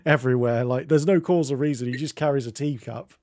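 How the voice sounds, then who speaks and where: A man hosting a game stream, telling stories in casual chat, laughing often and dropping into quick silly voices. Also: medium pitch, darkish tone, dry recording, clean studio sound. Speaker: streamer host. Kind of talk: casual chat while gaming.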